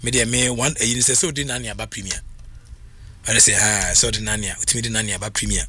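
A man talking football on sports radio, animated and full of halting restarts. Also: on the low side, slightly rough, dry recording. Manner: animated, mixes Twi and English, halting restarts. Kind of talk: sports talk radio chat.

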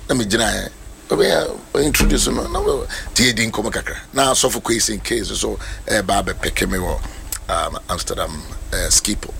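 A man preaching a sermon as a pastor, animated and rising to shouts. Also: on the low side, a little fast, creaky, slight background noise.

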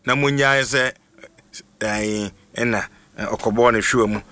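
A man's voice: medium pitch, steady tone, bright, forceful tone. A man presenting radio news informally, often stuttering and restarting his words, with music playing underneath. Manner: halting, frequent stutters and restarts.

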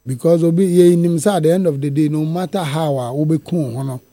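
Earnest man, dark mellow voice. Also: a little high, fast, dry recording. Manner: switches between English and Twi, earnest and emphatic. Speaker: musician guest. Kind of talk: interview conversation.

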